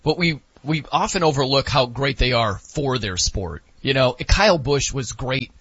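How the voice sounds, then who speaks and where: A man co-hosting a casual sports talk show, animated and laughing as he talks. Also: mid-range voice, normal speed, breathy edge, no room sound. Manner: animated, laughing, mimics wrestling announcers. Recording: dull lo-fi dry sound.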